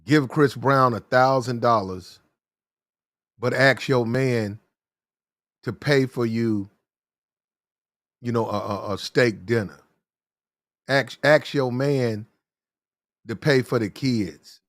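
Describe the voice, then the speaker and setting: A man hosting a commentary show, ranting bluntly with profanity, repeating lines for emphasis and getting loud and fast when worked up. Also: mid-range voice, no echo, clean studio sound. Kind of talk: heated commentary rant.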